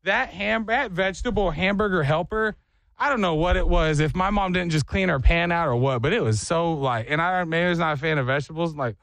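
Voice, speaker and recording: Young male morning radio host, slightly high, animated storyteller, dry studio sound. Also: brisk, no echo. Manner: lively storyteller, animated voices in anecdotes. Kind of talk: casual morning radio chat.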